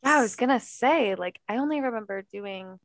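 A woman's voice: fairly high pitch, expressive, fairly quick, dry recording. A woman co-hosting a casual conversation, chatty and self-deprecating, with frequent laughter. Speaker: podcast co-host, younger sister.

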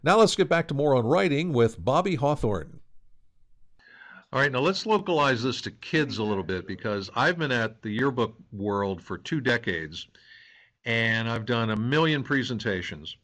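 A man's voice: mid-range voice, expressive, moderate pace, a bit bright. A man hosting a podcast, reading an announcement and then asking an interview question in a casual way. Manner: casual, conversational. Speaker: podcast host.

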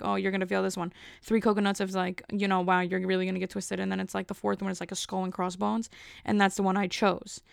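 A young woman chatting alone on her podcast, rambling through a story and leaning on "like" at every turn. Her voice has a smooth, gravelly edge and stays level in pitch. It is recorded close and dry. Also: no room sound. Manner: rambling, filler-heavy storytelling. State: a bit out of breath. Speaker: podcast host. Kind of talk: casual solo podcast chat.

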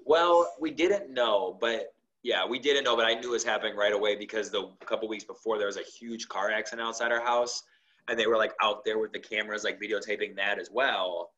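Low-voiced man telling a lively story. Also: brisk, muffled recording. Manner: acts out quoted dialogue with lots of "like". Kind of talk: animated storytelling.

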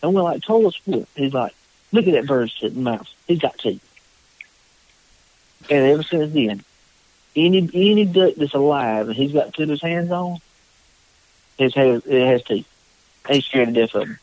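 Brief: man, podcast guest, lively storyteller, dry close sound. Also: a little high, unhurried, long pauses, no echo, lo-fi sound. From North Carolina. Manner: animated, acts out quotes in a raised voice. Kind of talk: casual storytelling.

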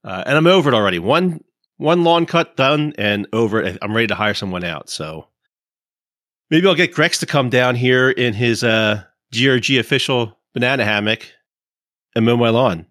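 A man's voice: mid-range voice, animated, moderate pace, a bit bright, dry recording, clean studio sound. A man hosting a gaming podcast, chatting casually and teasing his guests. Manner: joking, teasing. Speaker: podcast host.

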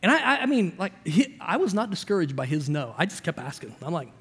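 A man preaching as a pastor, telling a personal story with lively shifts between loud and quiet and acting out the voices in it. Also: a little high, fast, husky, big-room sound. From Indiana. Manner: animated storyteller, shifting loud and soft, acts out dialogue.

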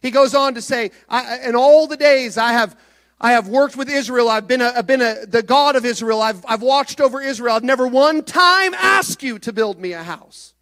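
A male pastor preaching a sermon, moving between soft, low passages and loud, rising exhortation. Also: normal speed.

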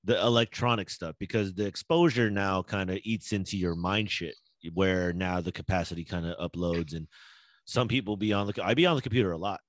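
A man's voice: sits low, a little fast, dry recording. A man in casual chat, ranting with heavy profanity. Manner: profane, heated rants.

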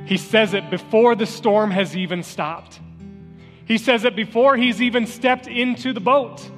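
Male pastor, sermon, earnest storytelling, repeats key lines, church hall reverb, faint guitar behind. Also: high voice. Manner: repeats key phrases for emphasis. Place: church sanctuary.

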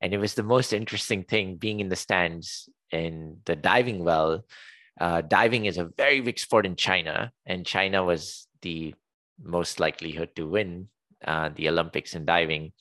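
A man in his forties, originally from Saudi Arabia, speaks in a very low voice as an interview guest. He tells personal stories casually, laughing often and pausing on fillers. His voice sounds dry and close, with no room echo. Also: sharp tone. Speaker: guest, company CEO.

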